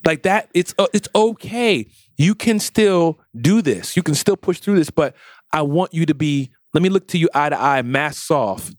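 A man co-hosting a casual comic book discussion, animated and emotional, acting out quoted lines by dropping his voice low. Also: normal speed, dry recording, clean studio sound. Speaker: podcast co-host.

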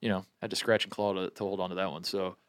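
A man's voice: sits low, little pitch movement, quick pace, a bit bright, no echo, studio quality. A man co-hosting a podcast, chatting casually about sports with jokes and many restarts. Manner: rambling, many restarts, jokey. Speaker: podcast co-host.

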